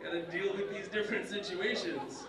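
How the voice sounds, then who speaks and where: A young adult man from Kuwait doing an animated stand-up comedy set in a conference center banquet hall, slipping into character voices. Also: normal speed, crowd noise. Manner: animated, jumps into high-pitched character voices. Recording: roomy hall, distant mic, faint noise.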